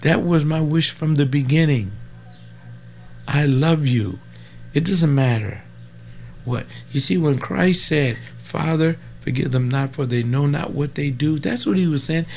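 A man in his seventies preaches informally and ramblingly, with fervor, folksy asides and sudden bursts of emphasis. His voice is on the high side, gravelly and darkish, at a measured pace, with a little hiss or hum in the recording.

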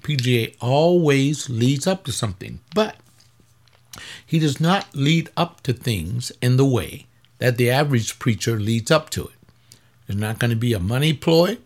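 A tired, aching male pastor giving a webcast talk in a voice of ordinary pitch. He rambles in a loose, conversational way, firing off blunt rhetorical questions. He often sinks low and quiet, then climbs sharply when he pushes a point. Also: animated, measured pace. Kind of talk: webcast commentary reading and answering a paper.

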